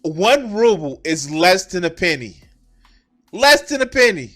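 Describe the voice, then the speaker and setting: A man with a high, bright voice rants through political commentary, swearing freely and hammering points by repeating them. He talks at an unhurried pace with bursts of emphasis. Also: sing-song. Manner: profane, emphatic, repeats phrases. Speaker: streamer.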